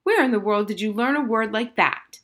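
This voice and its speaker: A woman's voice: on the high side, moderate pace, a bit bright, pitched above the performer's own voice, close to an everyday voice. A woman voicing a proper, strict mother scolding her daughter in a storybook reading. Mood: appalled. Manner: firm, prim.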